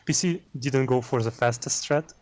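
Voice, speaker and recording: A man's voice: mid-range voice, normal speed, a little mellow, no room sound. A man with a German accent giving casual, chatty commentary on a video game race, explaining strategy with self-deprecating jokes. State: tired.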